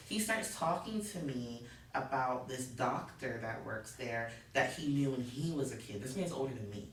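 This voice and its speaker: A woman guest on a podcast, telling stories in a casual, animated way and acting out the voices of the people she quotes. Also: rumbling low, moderate pace, music in the background. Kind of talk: casual storytelling. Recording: echoey room, distant mic, faint noise.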